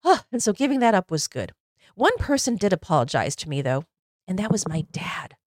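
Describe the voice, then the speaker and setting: A woman's voice: mid-range voice, sing-song, brisk, no room sound, clean studio sound. A woman in her forties hosting a podcast, telling personal stories in an earnest, reflective, conversational way. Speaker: podcast host.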